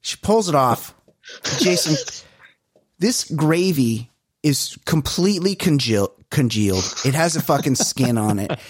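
A man co-hosting a podcast, telling stories in casual chat with animated, exasperated swearing. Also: a little high, unhurried, husky, no echo, clean studio sound. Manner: animated, profane, exasperated storytelling. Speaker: podcast co-host.

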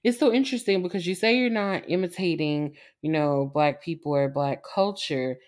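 A woman co-hosting a casual group chat, animated and quick to laugh and exclaim. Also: lowish voice. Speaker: podcast co-host.

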